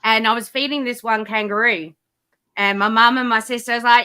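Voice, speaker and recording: A woman's voice: fairly high pitch, fairly even intonation, a little fast, bright, forceful tone, clear, resonant tone, dry recording. An Australian woman chatting as a guest on a live stream, laid-back and often laughing as she tells stories, speaking through an earphone microphone. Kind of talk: casual live-stream chat.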